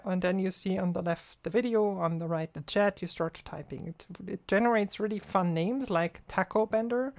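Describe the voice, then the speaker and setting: Woman, chatty, laughs easily, podcast co-host, casual tech chat. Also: mid-range voice.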